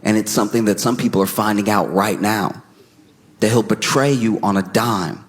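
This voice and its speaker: A man doing stand-up comedy, telling a story in an animated, exaggerated way, often breaking into laughter. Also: on the low side, normal speed.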